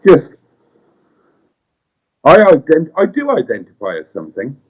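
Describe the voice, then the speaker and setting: A man's voice: a little high, wildly swooping pitch, unhurried, a little mellow, slightly rough. A middle-aged man with a Welsh accent, co-hosting a casual live-stream chat in a wry, playful way and reading out viewer comments. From Wales. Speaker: co-host. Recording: dull lo-fi sound.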